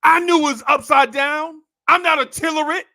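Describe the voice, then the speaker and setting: Keisha, a man playing a shrill indignant young woman. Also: steady tone, normal speed, vocal fry, dry recording, clean studio sound. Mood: defensive. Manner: defensive, whiny protest. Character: young woman, touchy and indignant, hates being laughed at.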